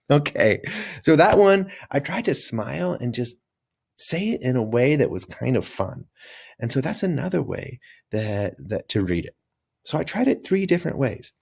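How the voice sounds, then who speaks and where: A man teaching a recorded reading lesson for children, talking straight to the kids in a lively, coaxing way. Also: mid-range voice, moderate pace, creaky, breathy edge.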